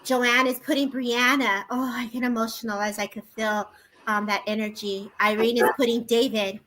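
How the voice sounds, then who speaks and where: A woman's voice: a little high, steady tone, crowd noise, low-quality recording. A woman hosting a livestream, reading out viewers' comments in an eager, emotional way. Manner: eager and emotional, quick to exclaim. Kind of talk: casual live chat.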